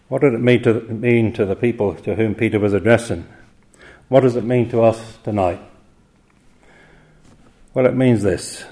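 A man preaching an evening sermon, earnest and emphatic, posing rhetorical questions and slowing down to quote scripture. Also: fairly low pitch, darkish tone.

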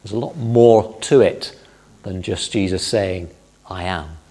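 A man with a fairly low voice delivers a Bible-teaching sermon. He explains calmly and leans on key phrases for emphasis. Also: unhurried. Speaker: preacher.

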